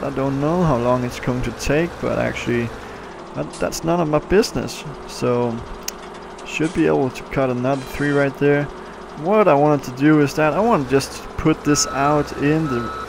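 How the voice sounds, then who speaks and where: A man with a Danish accent giving casual gameplay commentary, excitable and quick to yell at the traffic in the game. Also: medium pitch. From Denmark. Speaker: gaming channel host.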